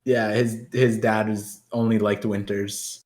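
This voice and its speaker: A man's voice: lowish voice, little pitch movement, a little slow, darkish tone. A man co-hosting a podcast, in casual chat full of crude jokes, laughing often. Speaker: podcast co-host. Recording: roomy echo.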